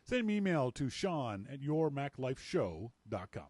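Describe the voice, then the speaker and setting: Lively, expressive male podcast host. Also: mid-range voice, measured pace, dry recording. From Canada. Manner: animated, acts out quoted dialogue. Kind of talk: casual storytelling monologue.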